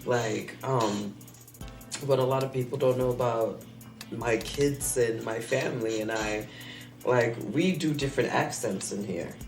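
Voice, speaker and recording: Woman host, low voice, loose chatty delivery, roomy sound. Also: unhurried, a little mellow, recorded from a distance, faint music behind. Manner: chatty, swears freely, laughs often. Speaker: podcast host. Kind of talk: casual chat. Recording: echoey room.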